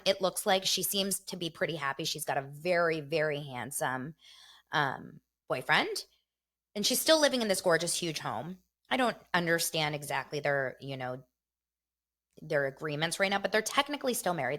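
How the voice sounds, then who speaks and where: Middle-aged woman, gossip host, chatty, animated, slightly low voice. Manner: chatty and animated, talks straight to viewers. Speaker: show host. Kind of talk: casual gossip commentary.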